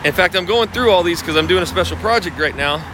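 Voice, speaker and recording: A man's voice: high-pitched, quick pace, background noise. A man coaching real estate agents on video marketing, talking casually to camera in a blunt, profane, ranting manner.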